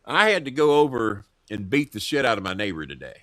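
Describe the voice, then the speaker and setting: A man hosting a talk show, telling profane political stories in a lively, animated way. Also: on the low side, fairly quick, no echo, clean studio sound. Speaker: show host. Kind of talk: casual political chat. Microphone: earpiece headset.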